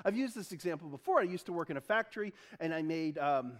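Animated high-pitched preacher man. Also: quick pace. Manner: animated, chuckles often, folksy asides. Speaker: pastor. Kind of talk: casual conversational sermon.

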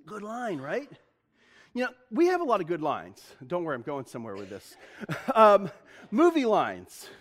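A man's voice: high voice, wildly swooping pitch, normal speed, fairly bright tone. A middle-aged man preaching a conversational sermon in a church, chatty and joking, often breaking into laughter. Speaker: pastor.

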